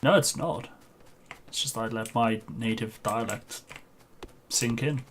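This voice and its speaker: A male streamer talks casually as he plays, his voice sitting at an ordinary middle pitch. He rambles loosely from one anecdote to the next. He chuckles at his own stories as he goes. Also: takes it slowly, a little hiss or hum. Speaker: game streamer. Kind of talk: casual chat while gaming.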